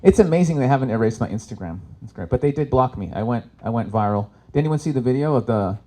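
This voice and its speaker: A man's stand-up comedy set on an event stage is expressive and fast. He curses freely, moving back and forth between loud punchlines and quieter asides.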